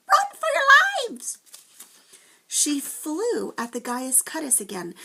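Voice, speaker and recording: A woman teacher reading a chapter book aloud to first graders, with gentle, expressive storytelling. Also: on the high side, husky.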